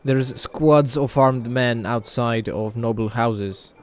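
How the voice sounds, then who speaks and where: Slow, measured game master man. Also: mid-range voice. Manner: slow, measured narration with filler pauses. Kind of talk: narrating a tabletop game.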